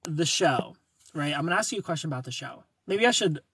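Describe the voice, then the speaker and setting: A man's voice: a little high, expressive, fast talker, fairly bright tone, dry recording. A man hosting a casual livestream, teasing his guest with a chuckle and greeting viewers by name. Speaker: livestream host. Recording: distant mic, husky sound.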